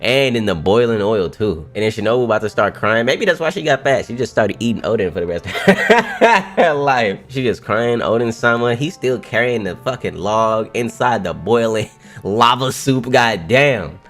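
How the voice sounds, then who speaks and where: A man reacting live to a new manga chapter, excitable and profane, often laughing and exclaiming loudly. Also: fairly low pitch, moderate pace, faint music behind.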